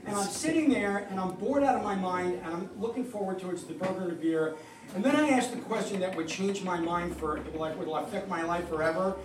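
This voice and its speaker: A high-voiced man spins a wry, salty story about himself, picked up from a distance in a live, echoey hall. A low hum of audience ambience sits under him. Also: brisk, a crowd in the background. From New York. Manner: wry, profane, self-mocking. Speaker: comedian telling a personal story.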